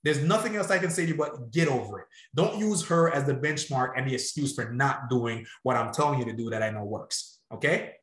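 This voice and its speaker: A man talks salon business in a casual podcast, blunt and insistent as he drives each point home. His voice sits at an ordinary middle pitch. The room around him rings with noticeable echo. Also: a little fast, few pauses, a bit bright. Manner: emphatic, direct, pushes the listener.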